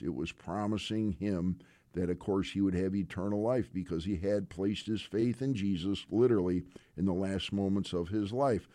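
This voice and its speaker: Low-voiced man preaching earnestly. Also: dark tone, no echo. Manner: earnest, unhurried preaching with frequent "uh" fillers. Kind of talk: sermon retelling scripture.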